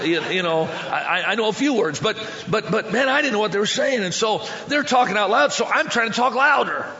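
A man preaching a sermon as a story, animated, with stammering restarts that build to shouting. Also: high-pitched, big-room sound, highs cut off.

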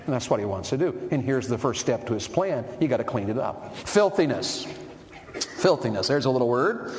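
A man's voice: mid-range voice, slight background noise. A middle-aged man preaching a sermon in a folksy way and asking the congregation questions. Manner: folksy, asks the crowd questions. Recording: long hall reverb.

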